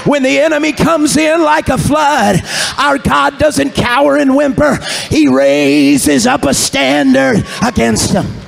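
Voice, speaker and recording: A male Pentecostal preacher with a high, gravelly voice delivers his sermon at full volume. He shouts fervently and now and then breaks into sung phrases. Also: slow pace, some chatter behind, a little hiss or hum. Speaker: pastor.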